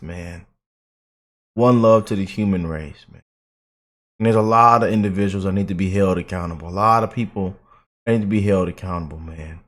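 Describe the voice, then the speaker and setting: A man hosting a casual online commentary video, hyped up and repeating himself. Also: low-pitched. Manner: hyped, repeats himself, quotes imagined critics. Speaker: commentary channel host.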